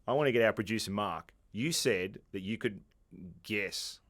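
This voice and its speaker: A man's voice: lowish voice, moderate pace, fairly bright tone. A man hosting a casual interview podcast, playful and teasing. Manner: playful, teasing, laughs often. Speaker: podcast host.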